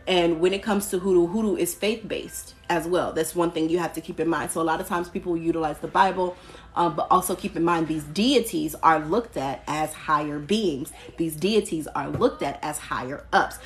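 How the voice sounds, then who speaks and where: Lower-voiced woman chatting on a phone live. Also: normal speed, soft background music. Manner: candid and chatty, reads out and answers viewer comments, occasional swearing. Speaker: spiritual practitioner hosting a live stream. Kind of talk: casual live-stream Q&A.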